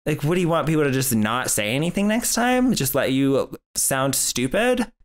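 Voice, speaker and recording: A man's voice: on the high side, lively intonation, normal speed. A man hosting a reaction commentary, talking in an exasperated, sarcastic, lecturing way. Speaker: commentary host.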